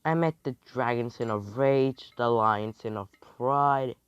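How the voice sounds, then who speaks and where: A man's voice: medium pitch, slow, clean tone, dry recording, close to an everyday voice. A man voicing a vengeful, immortal young man, a betrayed hero turned demon, with a taunting, smug manner, in a lo-fi recording. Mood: boastful.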